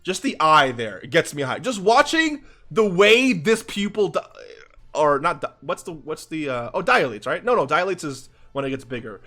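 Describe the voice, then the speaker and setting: A young man giving excited reaction commentary on game animations, gushing and restarting his sentences, calling the viewer dude and bro. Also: on the high side, moderate pace, soft background music. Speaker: gaming YouTuber.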